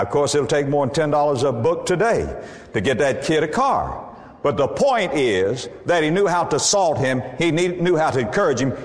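Male pastor, animated sermon delivery, hall reverb. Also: a little high. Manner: emphatic preaching, quoting scripture.

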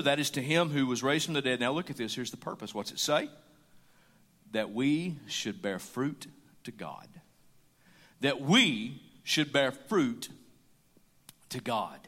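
A man's voice: fairly high pitch, a bit bright. A man preaching a sermon with emphasis, repeating his key lines for weight. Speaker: pastor. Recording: hall reverb.

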